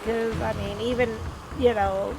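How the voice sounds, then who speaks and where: Soft-spoken, giggly streamer woman. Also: fairly high pitch, little pitch movement, a little slow, noisy background. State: voice a bit rough. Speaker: game streamer. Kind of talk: casual live-stream commentary. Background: game music.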